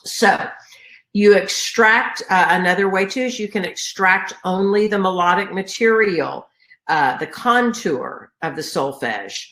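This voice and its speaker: A middle-aged choral music educator gives an earnest conference talk on teaching choir, her mid-range voice a little slow and a bit bright. She's congested from a sinus infection, and her speech is full of fillers and restarts. The recording was made in an echoey room.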